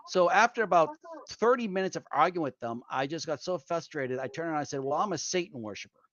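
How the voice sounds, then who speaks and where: A man with a Boston accent, a veteran telling animated stories in casual chat and calling his listeners folks. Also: a little high, quick pace, a little hiss or hum. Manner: animated anecdotal storyteller, addresses listeners as folks. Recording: dull lo-fi audio.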